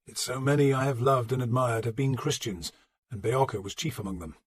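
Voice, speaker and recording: A man narrating an audiobook in a measured, steady storytelling manner. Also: mid-range voice, slightly rough. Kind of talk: scripted narration.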